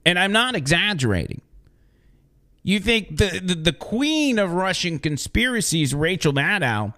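A man's voice: sits high, big pitch swings, unhurried, pushed and bright. A man hosting a political opinion show, speaking emphatically and mockingly, repeating words for effect. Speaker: political commentary host. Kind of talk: opinion monologue.

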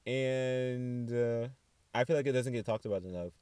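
A young man talks in a casual solo podcast, chatty and sassy, his voice swinging up into animated asides. His voice sits at an ordinary middle pitch. He is recorded close and dry, with no room sound. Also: normal speed, clear, resonant tone, dry recording. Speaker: podcast host.

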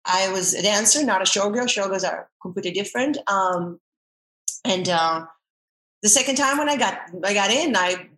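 A middle-aged woman, a former dancer and army veteran, chatting as an interview guest with many restarts and animated storytelling. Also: mid-range voice, normal speed, roomy sound, low-quality recording. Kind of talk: casual interview chat.

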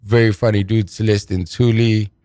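South african comic, lowish voice, chatty, laughs a lot, dry close sound. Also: male voice, flat delivery, normal speed, warm tone, no echo. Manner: chatty, laughs often, repeats words. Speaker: comedian guest. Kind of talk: casual podcast chat.

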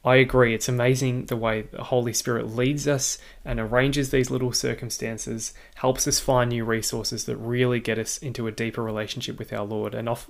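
A man with an Australian accent, hosting a podcast, reading and answering listener feedback in a measured, explanatory way with occasional fillers. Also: mid-range voice, gravelly. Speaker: podcast host.

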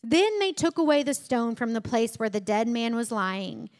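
Woman, preacher, sermon, storytelling delivery, fairly high voice, emphatic swells. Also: very animated, moderate pace.

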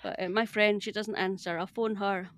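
A woman's voice: mid-range voice, steady tone, normal speed, no room sound. A Scottish woman, a podcast guest calling in remotely with her camera off, who tells stories animatedly, laughs often and acts out what other people said. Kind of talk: casual chat, animated storytelling. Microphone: remote call, camera off.

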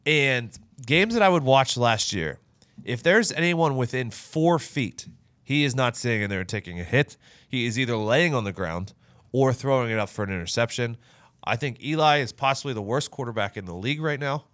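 A man co-hosting a casual sports podcast, opinionated and swearing freely, often trailing off quietly at the ends of his points. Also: mid-range voice, animated, moderate pace, no echo. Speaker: podcast co-host.

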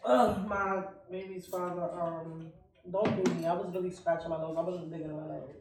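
A woman in a casual chat, playful and joking, with quick asides. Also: on the low side, steady tone, background noise. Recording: very echoey room, mic at a distance.

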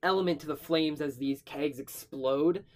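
A man's voice: on the high side, moderate pace, a little mellow. A young man narrating as game master in a tabletop game, casual and improvising, with loose swearing.

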